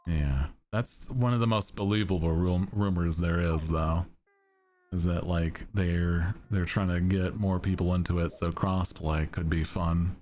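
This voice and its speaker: Young guy streaming, super deep chill monotone, slow and lazy, giggly chatting with chat. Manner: laid-back, giggly, reads chat aloud. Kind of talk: casual chat with chat.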